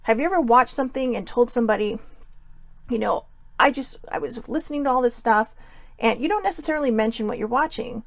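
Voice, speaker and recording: Earnest woman host with gravelly voice. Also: a little high, brisk, dry recording. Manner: earnest, heartfelt, repeats for emphasis. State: tearful. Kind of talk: live self-care talk.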